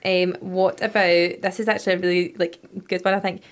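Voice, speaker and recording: A woman's voice: on the low side, level tone, a little fast. A woman, co-hosting a podcast in easygoing, giggly conversation with friends. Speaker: podcast co-host. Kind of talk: casual chat.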